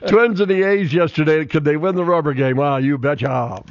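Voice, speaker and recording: A man hosts a casual sports radio show, telling stories animatedly and laughing often. His voice is a little high and his pace moderate, in a dull, dry studio recording.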